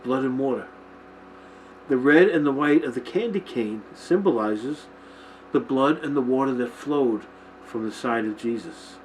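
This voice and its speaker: A man's voice: mid-range voice, a little slow, slight background noise, low-quality recording. A man hosting a Christian teaching show, talking informally to his camera and checking in with listeners often. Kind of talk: informal Bible-themed talk to camera. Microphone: camera mic, filming himself.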